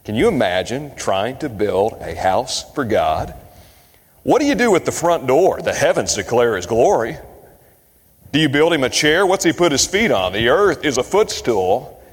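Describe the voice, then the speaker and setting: A man preaching a sermon at a middle pitch, his voice trailing off in a long hall reverb. He is from Kentucky and quotes scripture, stretching some phrases slowly and lifting others high for emphasis. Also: sing-song, slightly rough. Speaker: pastor.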